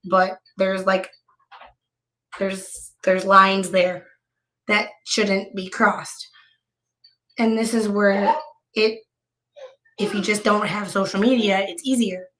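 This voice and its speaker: Hoarse with bronchitis, this female streamer talks casually to her audience in a rambling way, full of restarts and thick vocal fry. Her medium-pitched voice comes across bright and forceful.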